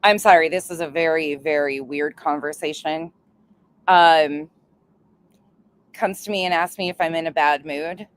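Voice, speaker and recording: A woman's voice: low-pitched, steady tone, a little slow, pauses often, smooth. A woman hosting a reaction commentary channel, blunt and sarcastic, swearing freely as she calls out the clip.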